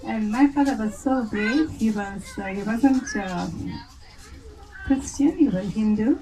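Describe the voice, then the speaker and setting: A woman with a South African accent gives an informal, hesitant speech to her family at a reunion, pausing often on fillers. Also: fairly high pitch, expressive. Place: outdoor family gathering. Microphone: phone recording from a distance. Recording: distant phone recording with background noise.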